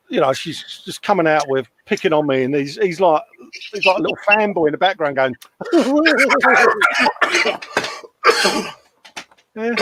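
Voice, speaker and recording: A British man chatting casually on a live stream from his workshop bench, his voice sitting a touch high. He banters with his co-host and greets viewers by reading out their comments. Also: noisy background.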